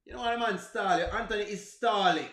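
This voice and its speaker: A man's voice: high voice, a little fast, fairly bright tone, reverberant. A man with a Jamaican accent chatting casually on a livestream, answering viewers, laughing often and exclaiming to himself. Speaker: livestream host.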